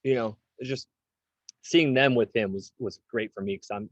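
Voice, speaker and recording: A man's voice: medium pitch, moderate pace, dry recording, muffled recording. A man in his forties, a drummer interviewed as a guest, talking casually with lots of fillers and restarts. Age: 40s. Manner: rambling, many fillers and restarts.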